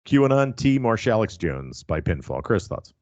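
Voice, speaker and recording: A man's voice: fairly low pitch, sing-song, moderate pace, a little mellow, no room sound, muffled recording. A man hosting a casual wrestling podcast, telling stories with a lot of swearing and laughter. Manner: profane, laughing, storytelling. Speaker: podcast host.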